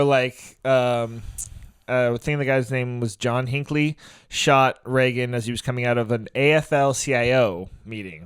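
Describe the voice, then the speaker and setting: A man's voice: medium pitch, fairly bright tone, clean tone. A man co-hosting a casual podcast, talking loosely with lots of "like" and joking as he goes. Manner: loose, filler-heavy, jokey. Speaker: podcast co-host. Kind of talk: casual chat.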